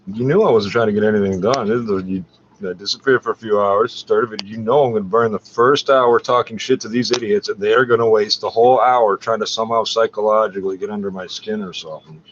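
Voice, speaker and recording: A man's voice: lowish voice, fairly even intonation, fast talker, slight background noise. A man talking to the camera from his computer in a profane, confrontational rant, taunting and swearing at someone. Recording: dull lo-fi home recording.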